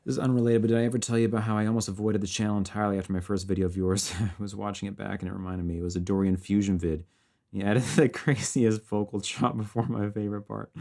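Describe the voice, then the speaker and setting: Gravelly, deep-voiced male composer bantering with chat on a livestream. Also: darkish tone. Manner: laughs often and reads chat aloud. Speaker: composer streaming live.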